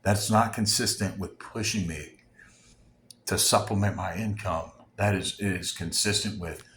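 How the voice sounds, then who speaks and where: His low, slightly bright voice drives an angry off-the-cuff vlog rant full of profanity, rambling and restarts, with moments that fall nearly to a whisper. Faint background noise and a roomy echo surround the recording.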